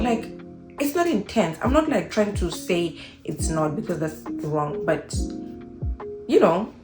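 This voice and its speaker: Speaking in a low register from an echoey room, a young vlogger from Zimbabwe chats to camera without a script. She stays lively throughout, performing the voices of anyone she quotes.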